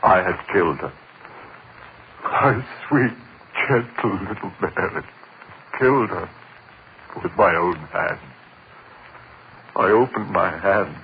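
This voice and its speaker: A man's voice: deep voice, slow pace, long pauses, slight background noise. An actor playing a haunted lecturer who narrates his slide into madness, intense and frantic, in 1940s radio drama style. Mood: brooding. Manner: intense, breaking into frantic cries. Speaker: narrator and lead. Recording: muffled old radio recording.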